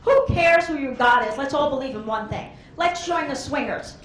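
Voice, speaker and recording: A woman's voice: high-pitched, animated, moderate pace, crowd noise. A woman doing a stand-up comedy set on a club stage, telling brash, rambling stories full of quoted voices. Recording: echoey club room.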